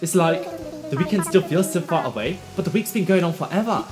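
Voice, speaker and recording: A man's voice: high voice, animated, fairly quick, pitched above the performer's own voice. A man voicing a cool, laid-back male deer villager in a video game, with an attempted East End London accent and a drawling, slangy delivery.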